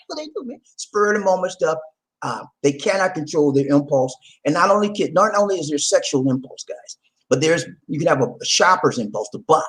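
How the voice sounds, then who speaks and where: A man hosting a vlog, talking casually to his viewers in an animated, laughing, rhetorical way, repeating his points often. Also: high-pitched, a little fast, low-quality recording. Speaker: vlog host.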